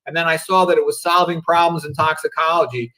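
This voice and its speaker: This middle-aged physician, appearing as a guest over a remote video call, reflects philosophically in a casual livestream interview, frequently dropping "you know" and "okay." His voice is on the high side, pushed and bright, with little pitch movement and a quick pace. The recording quality is low.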